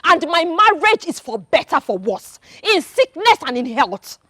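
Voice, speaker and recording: An actress playing a fierce, loyal young wife with a Nigerian accent, shouting and accusing in a film drama. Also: female voice, high-pitched, sing-song, unhurried, dry recording, heavily acted. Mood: defiant. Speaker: wife defending her husband.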